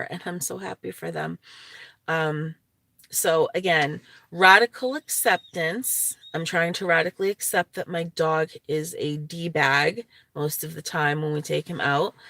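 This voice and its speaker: Slow-talking woman vlogging from a car. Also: sits low, vocal fry, a bit bright, no echo. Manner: rambling, halting with many restarts and fillers. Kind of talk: casual vlog commentary. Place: inside a parked car. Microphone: phone.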